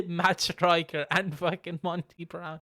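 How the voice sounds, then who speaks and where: A man's voice: high voice, sing-song, slow pace, pushed and bright, dry recording, studio quality. A man co-hosting a podcast, chatting casually and rambling, swearing often as he recaps events. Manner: rambling, swears, acts out quotes. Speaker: podcast co-host. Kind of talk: casual chat reviewing wrestling.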